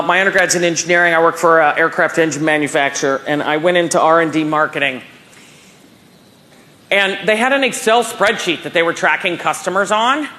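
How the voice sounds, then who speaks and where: A woman in her forties gives a motivational talk to a conference audience. Her pitch leaps and falls as she tells stories and acts out what people said. She speaks to the crowd from a stage. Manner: animated, telling stories and acting out dialogue. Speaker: keynote speaker at a professional conference.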